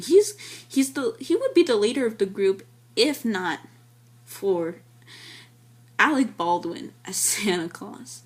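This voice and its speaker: A woman's voice: medium pitch, animated, slow, darkish tone. Rambling woman reviewing a film. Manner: rambling, with many fillers and restarts; enthusiastic. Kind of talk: casual spoken film review.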